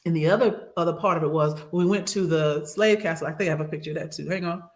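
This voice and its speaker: A woman recounting a personal trip in casual podcast chat, animated and acting out what others said, on a studio microphone. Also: low voice, fast. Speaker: regular co-host and guest.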